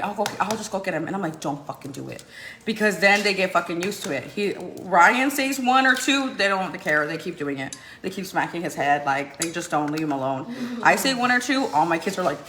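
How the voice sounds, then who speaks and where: A woman, a mother of several kids, chatting candidly at home in her kitchen and giving firm commands to her children. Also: on the low side. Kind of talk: casual chat vlog. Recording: noisy home recording.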